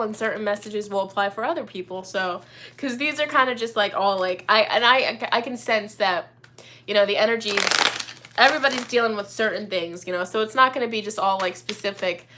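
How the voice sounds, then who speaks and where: A woman's voice: a little high, fairly bright tone, slight background noise. Chatty upbeat woman streaming live. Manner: chatty, upbeat, lots of fillers like "you know" and "like". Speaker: tarot reader hosting a live chat. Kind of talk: casual live-stream chat.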